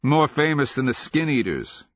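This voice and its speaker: A man's voice: on the low side, moderate pace, a bit bright, no echo, lo-fi sound, voice pushed up, lightly acted. A man voicing a wry, scornful companion. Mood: cheerful. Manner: mocking, cheerful jabs. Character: wry contemptuous male companion, baiting.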